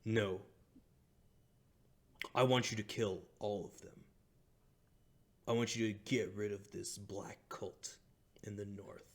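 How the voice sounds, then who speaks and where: A man voicing a scheming, vengeful male crime boss in a tabletop game, speaking in a calm, measured way. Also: lightly acted. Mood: furious. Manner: calm and measured, flaring into booming rage.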